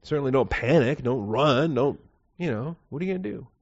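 Male Bible teacher, chatty and rambling, mid-pitched voice, muffled low-fi recording. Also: lively intonation, fairly quick. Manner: conversational, digressive, corrects himself aloud. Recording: dull lo-fi recording.

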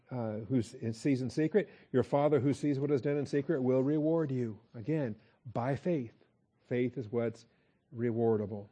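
A man preaching a verse-by-verse Bible teaching, conversational, often checking in with his listeners and slowing down to repeat key points. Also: medium pitch, warm tone. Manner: conversational, with frequent "okay?" check-ins and slow emphatic repeats. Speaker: pastor.

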